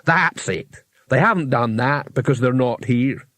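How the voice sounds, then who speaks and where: A man's voice: medium pitch, unhurried, fairly bright tone, no room sound, close to an everyday voice. A man voicing a nervous, panicky male wizard who talks in a fretful, anxious way. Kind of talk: audiobook character reading.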